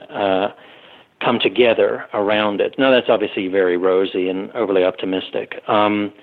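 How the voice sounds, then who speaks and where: A man co-hosting a panel discussion, talking in a hesitant, rambling way with many fillers. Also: on the low side. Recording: tinny phone-like remote line.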